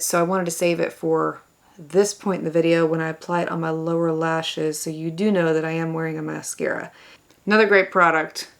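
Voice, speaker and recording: Enthusiastic woman beauty vlogger walking through a makeup look, with a little vocal fry. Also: lowish voice, fairly bright tone. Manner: enthusiastic, exclaiming over products. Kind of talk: makeup tutorial talk to camera.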